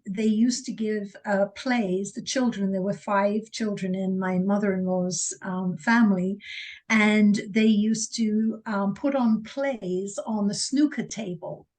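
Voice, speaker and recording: An older woman from London with a softened London accent, telling stories in a rambling, gracious way on a video call. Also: medium pitch. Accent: London English, softened by years in America. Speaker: discussion group member. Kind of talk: casual video call discussion.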